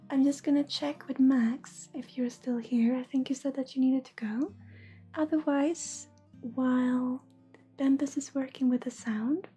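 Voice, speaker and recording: Soft-spoken high-voiced Swedish woman. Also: husky. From Sweden. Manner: soft-spoken, often half-whispered, affectionate. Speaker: intuitive reader hosting a livestream. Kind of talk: livestream chat with viewers.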